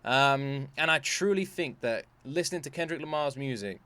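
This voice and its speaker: A man's voice: mid-range voice, expressive, moderate pace, pushed and bright, no room sound. A British man giving casual reaction commentary as a video host, earnest and rambling, with many fillers and restarts. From Britain.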